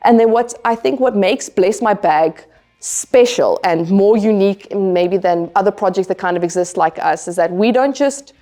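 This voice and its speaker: A woman speaking as an interview guest, with a voice of ordinary middle pitch. She talks casually but earnestly. She leans hard on her main points and comes back to them again and again. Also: normal speed, mellow. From South Africa. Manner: earnest, emphatic, repeats key points. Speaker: interview guest, tech developer.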